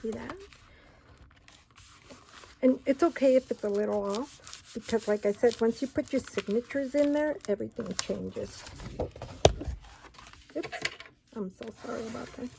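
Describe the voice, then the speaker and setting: This woman's voice sits on the high side, gravelly and measured, with long pauses between phrases. She hosts a relaxed paper-craft demonstration, talking and counting as she folds and cuts, with noise and clicks from handling audible in the recording.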